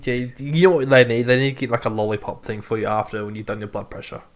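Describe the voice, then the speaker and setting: A man's voice: medium pitch, steady tone, fast talker. A man, co-hosting a casual podcast and teasing his friend with dry one-liners. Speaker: podcast co-host. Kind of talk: casual chat.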